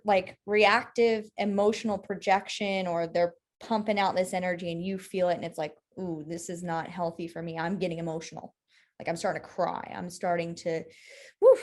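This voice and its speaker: Chatty woman explaining human design. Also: medium pitch. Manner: explanatory, checks in with "right?" often. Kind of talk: casual teaching chat.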